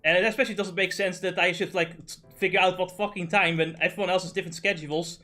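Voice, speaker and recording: A man's voice: high-pitched, fairly even intonation, fast, pushed and bright, soft background music. A man streaming a game and ranting in casual, profane, exasperated chat.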